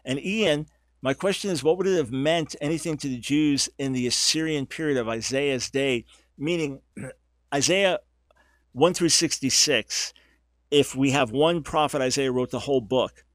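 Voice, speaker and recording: Male talk radio host, mid pitch, animated and emphatic, dry close studio mic. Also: normal speed, no room sound. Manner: emphatic and animated, stressing key words. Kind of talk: radio talk show monologue. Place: radio studio, audio only.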